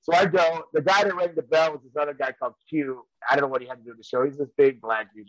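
A man's voice: on the high side, a bit bright, no room sound, poor audio. A man and former wrestler telling rambling stories in casual chat, often laughing as he goes. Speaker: professional wrestler and trainer.

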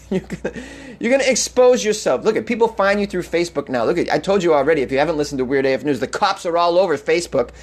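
A man's voice: fairly high pitch, lively intonation, quick pace. A man hosting a comedic news podcast, reading odd stories aloud and mocking them with sarcastic asides and frequent laughs. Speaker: podcast host.

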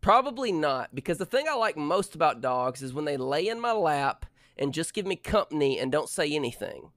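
A man's voice: on the high side, very animated, moderate pace, fairly bright tone, no echo, clean studio sound. A man co-hosting a casual podcast, delivering mock-serious, ranting opinions. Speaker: podcast co-host.

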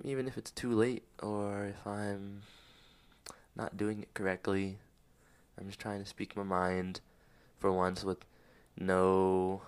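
A man hosting a personal podcast, talking candidly and emotionally about his struggles, rambling with many fillers and near tears. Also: low voice. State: close to tears. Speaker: podcast host. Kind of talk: personal reflective monologue.

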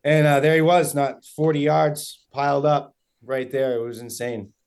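Excitable man telling a hunting story. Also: on the high side, normal speed, clear, resonant tone. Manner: excited, rambling, many fillers and quoted dialogue. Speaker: guest hunter. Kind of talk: casual storytelling.

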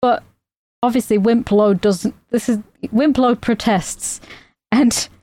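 A woman's voice: on the high side, steady tone, takes it slowly, warm tone, dry recording. A woman co-hosting a podcast, recapping a comedy film in casual chat, rambling with fillers and laughing as she goes. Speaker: podcast co-host.

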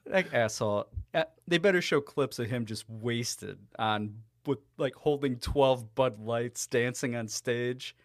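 A young man co-hosting a casual sports podcast, animated and prone to ranting bits. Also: medium pitch, a little slow, few pauses, dry recording, studio quality. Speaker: podcast co-host.

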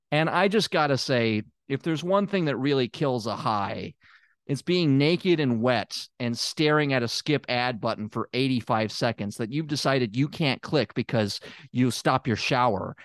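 Brief: comic therapist host from Memphis, halting and wordy, very dry close sound. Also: male voice, medium pitch, clean tone, dry recording. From Memphis, Tennessee. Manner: rambling, hesitant, full of uh's and restarts. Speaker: comedy podcast host playing a therapist. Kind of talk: improvised comedic monologue.

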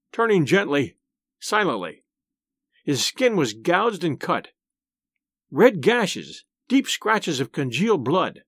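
A man's voice: sits high, no room sound. A man narrating a horror story in a dramatic, suspenseful reading style. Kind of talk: audiobook narration.

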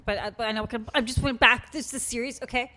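A woman's voice: a little high, steady tone, fast, sharp tone. A woman with a Boston accent co-hosting a podcast, loose and joking, swearing often in casual chat. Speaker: podcast co-host.

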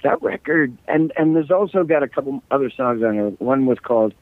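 Animated and a little fast, a middle-aged American rock singer chats as a guest in a medium-pitched voice that is slightly scratchy. He jokes and rambles through stories in a casual interview, heard over a dry, tinny call line with no echo.

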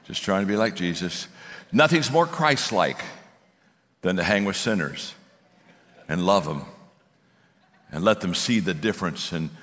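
A man's voice: low voice, unhurried, long pauses. A middle-aged man preaching a sermon, telling stories with lots of restarts and repeated words. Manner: animated storytelling with frequent restarts. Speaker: speaker and coaching company owner. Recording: long hall reverb.

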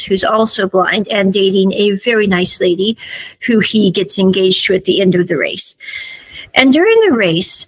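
Husky-voiced woman recapping a show. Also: medium pitch, no room sound, rough recording. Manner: chatty retelling, acts out quotes with "he's like". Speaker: podcast host. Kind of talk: casual episode recap.

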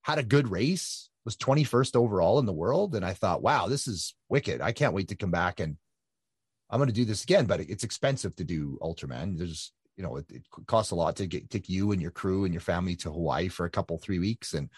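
Man in his 50s, interview guest, rambling animated storyteller, lowish husky voice. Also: a little fast, no room sound, clean studio sound. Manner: animated storyteller with lots of fillers and restarts. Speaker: guest, ultra-endurance triathlete.

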